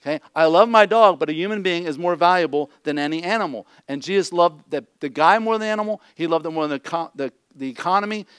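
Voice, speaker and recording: A man's voice: fairly high pitch, quick pace, hardly any pauses, fairly bright tone, clean tone, no echo, clean studio sound. A middle-aged man preaching a conversational sermon, blunt and joking, often checking in with his listeners. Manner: blunt, joking asides, repeats "okay?". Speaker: pastor.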